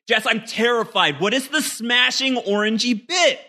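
A man talks through a casual snack taste test on a podcast. He's recorded over a video call and rambles cheerfully, filling the gaps with ums and likes. His voice is very bright and forward. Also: high voice, expressive, moderate pace, hardly any pauses. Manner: chatty, self-mocking, thinks aloud with many fillers. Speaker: podcast co-host.

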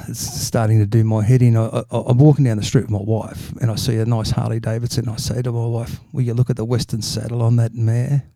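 A man's voice: mid-range voice, flat delivery, fairly quick, warm tone, dry recording. A middle-aged man with an Australian accent, telling long rambling jokes in a casual chat and stumbling over repeated words. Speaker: podcast regular telling jokes.

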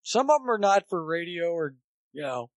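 A man with a rough, gravelly edge and a slightly raised pitch rambles through animated stories from his coaching days. He talks as a chatty guest, loose and anecdotal. The sound is dry and close. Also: moderate pace, no echo. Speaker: guest, former college baseball coach.

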